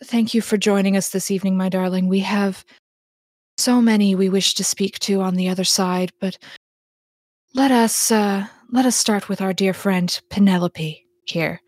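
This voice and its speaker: A woman voicing a sly, indulgent woman spirit medium who speaks in a slow, syrupy, condescending way. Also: mid-range voice, steady tone, a little mellow, no room sound, studio quality, close to an everyday voice.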